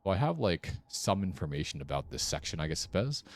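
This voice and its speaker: A man's voice: deep voice, sing-song, a little fast. A man streaming a game with casual, wry commentary, muttering sarcastic asides to himself.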